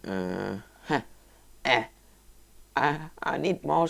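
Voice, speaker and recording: A man giving casual let's-play commentary on a game, rambling and excitable, breaking into sudden high yelps and whoops. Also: a little slow, gravelly, long pauses. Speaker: gaming video host.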